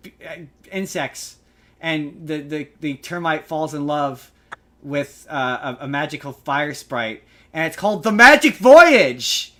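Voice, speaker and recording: A man's voice: on the high side, animated, takes it slowly, pushed and bright. A man hosting a podcast, running the chat playfully and laughing often. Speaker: podcast host. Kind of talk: casual chat.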